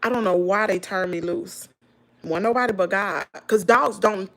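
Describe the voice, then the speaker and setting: A woman's voice: fairly high pitch, unhurried. A middle-aged woman with a Mississippi Southern accent tells her viewers an emotional personal story, emphatic and direct. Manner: animated, emphatic, addresses listeners as girl and y'all. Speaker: vlogger.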